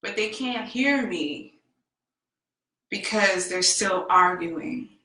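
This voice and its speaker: Slow-spoken woman with a bright voice. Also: medium pitch, animated, roomy sound, poor audio. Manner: slow, heartfelt and emphatic. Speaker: self-help vlogger. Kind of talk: personal storytelling.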